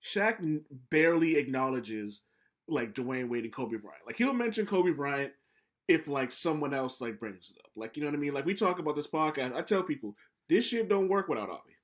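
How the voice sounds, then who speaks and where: A young man co-hosting a casual podcast, telling stories with lively acted-out quotes and frequent swearing. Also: a little high, normal speed. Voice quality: profane, animated storyteller acting out quotes. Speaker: podcast co-host.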